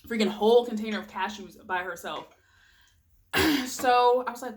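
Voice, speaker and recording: A young woman vlogger chats casually while eating on camera in a mukbang, speaking at a moderate pace with a fairly high pitch. She rambles, giggles and murmurs as she tastes her food, with slight background noise.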